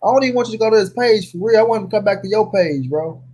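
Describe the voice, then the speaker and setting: A man's voice: sits high, lively intonation, racing, darkish tone, husky. A man on a livestream, backing up the host with short agreeing remarks, heard from a distant mic. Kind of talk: casual chat.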